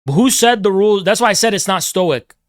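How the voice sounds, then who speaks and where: A man's voice: high-pitched, lively intonation, brisk. A man hosting a livestream, ranting at his chat in an aggressive, profane, repetitive lecturing way. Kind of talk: heated livestream rant to chat.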